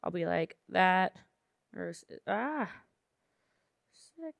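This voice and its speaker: A bubbly woman co-hosts an online social media class, and her voice swings up and down with real energy. She talks in an expressive, animated way. The sound is dry and close to the mic. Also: fairly low pitch, drawn-out words, vocal fry, no echo. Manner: bubbly, expressive, laughs easily. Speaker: co-trainer. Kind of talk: live online training session.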